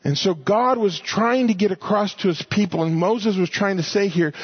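A man with a high-pitched, breathy-edged voice teaches a sermon earnestly at normal speed with few pauses, often repeating words as he finds his thought. The recording is muffled and lo-fi.

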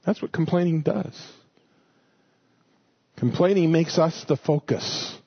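A man's voice: a little high, slow pace, husky, highs cut off. A man preaching a sermon, emphatic and repeating short commands.

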